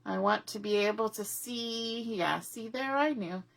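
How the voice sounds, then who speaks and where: A middle-aged woman runs a live craft demo from her table at home, chatting and rambling in a fairly high voice. She is a little out of breath and talks at an easy, unhurried pace, greeting viewers by name as she works. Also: vocal fry. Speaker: craft demonstrator hosting a live online crop.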